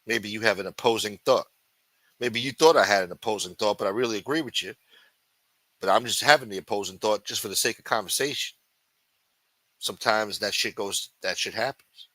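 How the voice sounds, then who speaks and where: This man's voice sits on the low side and moves a little fast, recorded dry. Hosting a live chat stream, he curses nonstop and taunts loudly, then drops to a mutter while replying to chat, flipping between shouts and mumbles in a profane rant.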